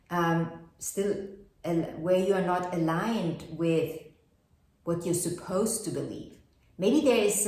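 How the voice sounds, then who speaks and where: A woman giving a casual astrology forecast, chatty and full of rhetorical questions. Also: on the low side. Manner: chatty, asks many rhetorical questions, laughs at herself. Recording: very echoey room.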